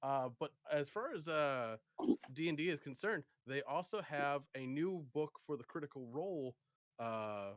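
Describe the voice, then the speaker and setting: A man co-hosting a casual podcast and game master, talking in a relaxed way with many fillers. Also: a little high, normal speed, slight background noise. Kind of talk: casual chat about tabletop games.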